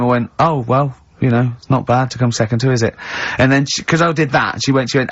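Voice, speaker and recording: A man with an English accent hosting a radio show, telling anecdotes in lively casual banter and laughing a lot. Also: fast talker, few pauses. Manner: lively storyteller, laughs often, high-pitched giggle. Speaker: radio host. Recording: dull lo-fi radio broadcast.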